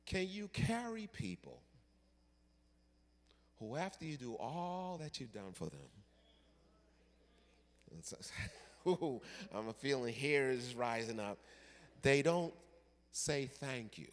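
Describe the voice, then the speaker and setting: A male pastor delivering a sermon with dramatic storytelling that swings from loud to hushed. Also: medium pitch, very animated, slow pace, pauses often, big-room sound.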